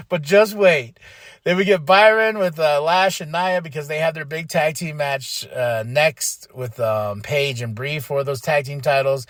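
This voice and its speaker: Excitable man recapping wrestling, dry close mic. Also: on the high side, moderate pace, dry recording. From Flagstaff, Arizona. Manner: excitable, lots of fillers, acts out quotes. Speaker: podcast host.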